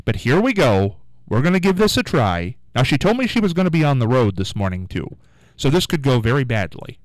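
A man's voice: mid-range voice, big pitch swings, fairly quick, dry recording, rough recording. A man hosting a local radio show, telling a rambling story in a chatty, casual way.

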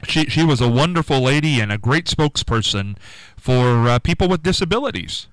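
A man's voice: medium pitch, lively intonation, fairly quick, dry recording, poor audio. A man hosting a radio interview, upbeat and chatty, laughing along with his guest. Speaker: radio host.

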